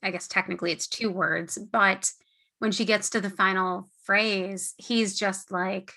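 Bubbly woman podcast co-host, bright tone. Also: medium pitch, steady tone, unhurried. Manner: bubbly, enthusiastic, with laughs. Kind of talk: casual podcast chat.

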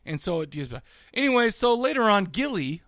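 Animated, high-voiced man recapping a movie. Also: brisk, dry recording, studio quality. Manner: animated, jokey, acts out characters in quotes. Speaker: podcast co-host. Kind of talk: casual movie recap chat.

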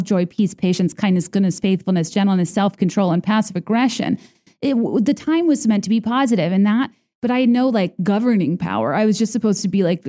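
A woman hosts a podcast in a casual, rambling monologue. She is sarcastic and playful and often uses filler words. Her voice sits mid-pitch with a mellow, warm tone. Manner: chatty and sarcastic, heavy on "like", mimics others in high voices. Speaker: podcast host.

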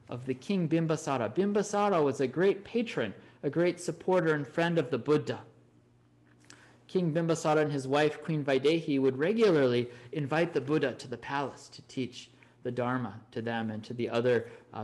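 A man giving an animated storytelling Dharma talk, often checking in with "right?". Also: mid-range voice. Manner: animated, frequent "right?" tag questions. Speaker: Dharma teacher.

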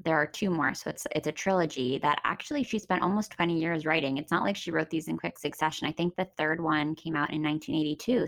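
A woman's voice: lowish voice, vocal fry, no room sound. A woman hosting a podcast, chatting casually about a book and often saying "like". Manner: chatty, fills speech with "like", quotes characters in voices. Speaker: podcast host.

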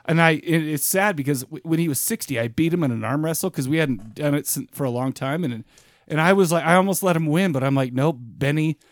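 A man's voice: fairly high pitch, quick pace, no echo, studio quality. A man in his thirties co-hosting a podcast, chatting casually and rambling with lots of restarts. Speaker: podcast co-host. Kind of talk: casual chat.

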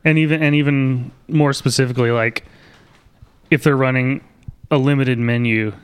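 A man's voice: medium pitch, fairly even intonation, normal speed, clear, resonant tone. A man co-hosting a podcast, chatting casually and joking with lots of fillers. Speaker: podcast co-host. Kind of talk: casual chat.

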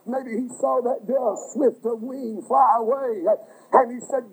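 A man preaching a fervent sermon, crying out at times and filling pauses with "uh". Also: extremely high pitch, animated, creaky, slightly rough, poor audio. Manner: fervent, breaks into cries, many "uh" fillers.

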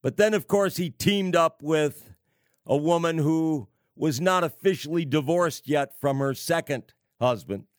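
A man preaching on prophecy, slow and emphatic, with sarcastic asides and wry laughs. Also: fairly high pitch, no room sound, studio quality. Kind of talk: prophecy sermon.

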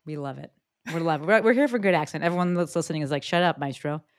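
A woman hosting a podcast, bubbly and joking, with quick asides. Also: low voice, animated, no echo. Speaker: podcast host. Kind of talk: energetic podcast interview.

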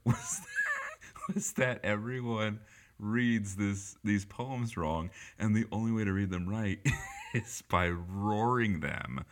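A man telling a funny story in casual speech, animated and laughing often, with many fillers. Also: deep voice.

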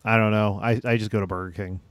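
A man co-hosting a comedy podcast, reading a news story aloud in a deadpan tone with filler "uh"s. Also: on the low side, quick pace, clean tone, no room sound, clean studio sound.

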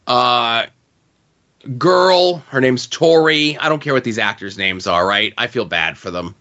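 A man's voice: medium pitch, measured pace, sharp tone, muffled recording. Sarcastic rambling man reviewing a movie. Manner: sarcastic, rambling, fillers like "okay?". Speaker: podcast host. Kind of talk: casual movie review chat.

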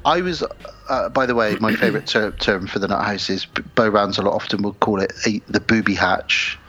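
A man's voice: lowish voice, a little fast, sharp tone. A man co-hosting a horror podcast, chatting casually, telling stories and acting out quotes, swearing freely. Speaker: podcast co-host. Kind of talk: casual chat.

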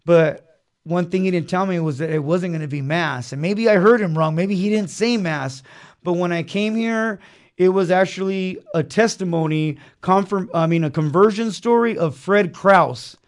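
A man with a slightly high voice tells his story in a studio. His telling is earnest and casual, full of slang and asides. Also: normal speed. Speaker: interview guest. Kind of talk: casual personal testimony. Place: small studio beside a chapel.

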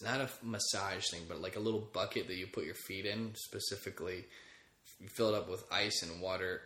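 A man in his thirties rambles through a casual podcast monologue, crude and joking, swearing freely. His voice sits a bit low yet sounds bright and forceful. The room around him is echoey. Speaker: podcast host.

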